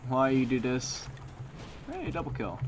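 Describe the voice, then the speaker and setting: A man's voice: mid-range voice, huge pitch swings, measured pace, background noise. A young man giving live gameplay commentary, reacting and muttering to himself, repeating phrases as he plays. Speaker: gaming commentator. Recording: game gunfire loud behind voice. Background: game gunfire and explosions.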